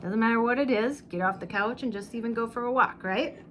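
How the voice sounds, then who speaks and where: A woman's voice: on the high side, brisk, a bit bright, a little hiss or hum. A woman in her fifties hosting a casual chat with her mother, upbeat and giggly, often laughing. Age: 50s. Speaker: vlog host.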